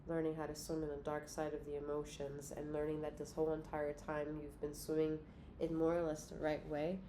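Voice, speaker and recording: A woman's voice: low-pitched, completely flat delivery, fairly quick, noisy background. A congested woman giving a casual, profane tarot reading to her viewers, giggling between cards. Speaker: tarot reader.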